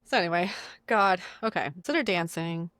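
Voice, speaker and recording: A woman's voice: lowish voice, moderate pace, a bit bright, dry recording. A young woman co-hosting a podcast, recapping a film in casual chat, acting out the characters' lines and swearing freely. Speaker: podcast co-host.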